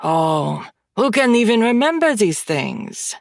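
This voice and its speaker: A woman's voice: medium pitch, very animated, slow pace, gravelly, no echo, clean studio sound, full character voice. A woman voicing a sardonic young French man who teases but cares for his stepsister, in an audiobook. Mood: playful.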